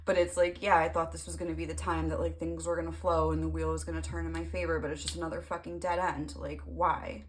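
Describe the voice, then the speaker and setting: A woman's voice: sits low, little pitch movement, fast talker, hardly any pauses, a little hiss or hum. A young woman giving a casual tarot reading, rambling with lots of fillers and the odd swear word. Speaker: tarot reader.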